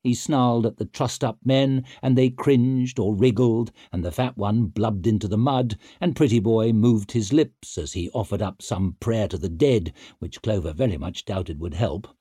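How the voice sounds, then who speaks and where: A man narrating a gritty fantasy audiobook in a measured storytelling manner with dry wit. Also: lowish voice, dark tone, husky, no echo. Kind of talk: scripted narration.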